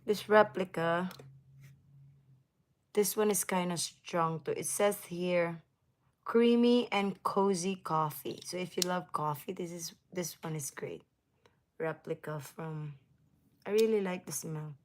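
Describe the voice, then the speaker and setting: A woman hosts a relaxed livestream, chatting with viewers in an unhurried, slightly low voice. She laughs often and now and then drops into a soft whisper. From United States. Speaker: livestream host. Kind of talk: casual livestream chat with viewers.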